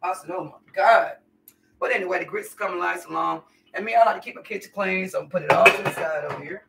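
This is a woman talking fast in a lowish, creaky voice, recorded from afar against a noisy background. During her live cooking stream at home, she chats folksily and calls her viewers y'all and honey.

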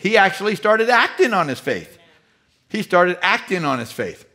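Man, pastor, sermon, emphatic, repeats phrases, questions the congregation, fairly high voice. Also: very animated, moderate pace, fairly bright tone.

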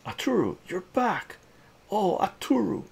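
A frantic mother calling out in a shrill, high voice, as a man puts her on. Her pitch leaps sharply upward. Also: sing-song, unhurried, vocal fry, darkish tone, slightly rough, exaggerated voice.

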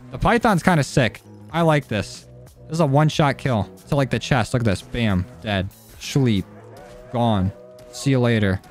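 Young man, gaming commentary, jokey and excitable, swears a lot, desk mic, faint music behind. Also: medium pitch. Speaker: gaming YouTuber. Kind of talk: casual gameplay commentary.

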